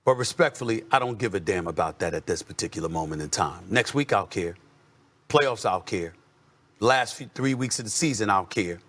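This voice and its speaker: A man hosting a sports debate show, arguing with emphatic rhetorical questions and drawn-out, sing-song stresses. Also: on the low side, expressive, a bit bright. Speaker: sports talk host.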